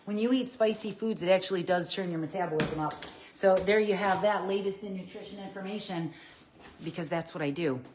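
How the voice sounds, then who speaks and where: A fairly low-voiced woman chats with her viewers, lively and upbeat. She talks straight to them, often calling them "you guys". A faint hiss sits under her voice on this live-streamed phone recording. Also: a little fast. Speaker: plant-based cooking instructor. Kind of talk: live-streamed grocery haul.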